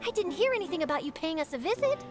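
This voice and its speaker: A woman's voice: very high voice, sing-song, very fast, music in the background. A woman voicing an eager, nosy young female reporter in a game, talking with breathless enthusiasm. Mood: excited. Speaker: game character. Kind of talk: game voice acting.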